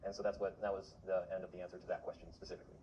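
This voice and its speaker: A man's voice: sits low, level tone, very fast, mellow, highs cut off, slight background noise. A man talking to camera in a casual vlog, urgently exhorting his viewers. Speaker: vlogger on remote viewing.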